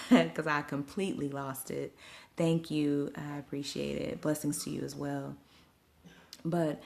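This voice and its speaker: A woman's voice: low voice, creaky, a little mellow. A woman casually recapping her event on a phone livestream, chatty and storytelling straight to her viewers. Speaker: event host and live streamer. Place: at home at night.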